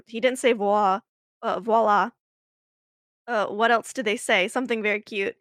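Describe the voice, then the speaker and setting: Podcast co-host, woman, storytelling in casual chat, dry close sound, mid pitch. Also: a bit bright, dry recording. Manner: chatty, laughing, many fillers and restarts.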